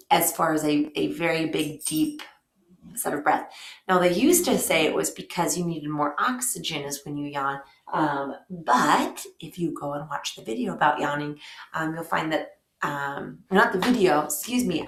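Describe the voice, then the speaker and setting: A woman's voice: fairly low pitch, vocal fry, fairly bright tone. Chatty woman teacher in an echoey room. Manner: explanatory, many ums, chatty asides to students. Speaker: high school biology teacher. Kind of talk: recorded remote lesson.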